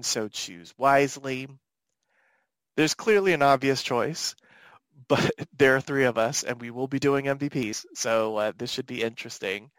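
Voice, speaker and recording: A man's voice: medium pitch, a bit bright, dry recording. Upbeat man hosting a podcast. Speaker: podcast host. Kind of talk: casual podcast chat.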